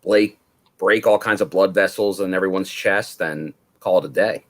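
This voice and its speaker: A man's voice: deep voice, normal speed. A man co-hosting a casual wrestling chat, stressing his points by repeating words. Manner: emphatic, repeats words when making a point. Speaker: podcast co-host.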